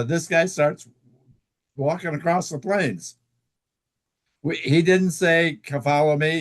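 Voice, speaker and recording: A man recounts a personal story as an interview guest, in a somewhat high voice with a gravelly edge. He talks in a halting way, stopping often on fillers and starting sentences over. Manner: halting, with many fillers and restarts. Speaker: guest author.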